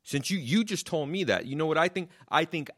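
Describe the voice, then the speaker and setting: A man's voice: a little high, expressive, brisk, fairly bright tone. A man delivering a profane, mocking comic rant, swearing constantly and hammering the same insults. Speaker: comedian.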